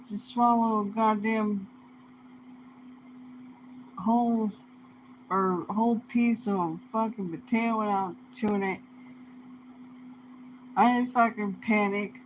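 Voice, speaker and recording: A woman's voice: on the high side, steady tone, slow pace, long pauses, slight background noise, low-quality recording. Rambling, foul-mouthed woman vlogger. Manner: rambling, swears heavily, loose slangy delivery. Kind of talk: casual profane monologue.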